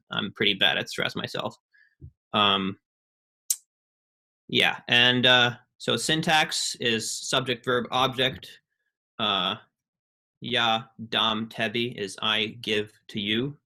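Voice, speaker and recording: Young male student presenter, bright voice, halting, filler-heavy delivery. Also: mid-range voice. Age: young adult. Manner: halting, many ums and restarts. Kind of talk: casual online presentation.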